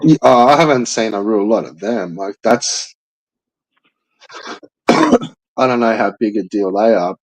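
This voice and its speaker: A man's voice: on the low side, big pitch swings, a little slow, pauses often, no echo, poor audio. A young man hosting a casual chat, rambling loosely with lots of filler words and swearing. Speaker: podcast host.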